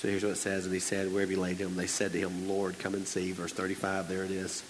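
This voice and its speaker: A man preaching a sermon, moving between quiet scripture reading and loud, emphatic exhortation. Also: sits low, monotone, fast. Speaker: pastor. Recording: long hall reverb with faint hiss.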